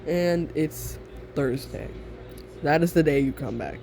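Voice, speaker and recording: A man's voice: a little high, a little slow, gravelly, a little mellow, soft background music. A young man casually telling a second-person listener story, rambling and giggly, with many fillers.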